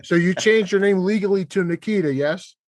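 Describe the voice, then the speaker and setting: A man hosts a relaxed interview, steering his guest with leading questions. His voice sits a little high for a man. The sound is dry and close. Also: brisk, no room sound. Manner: laughs easily, asks leading questions. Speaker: podcast host. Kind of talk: casual interview chat.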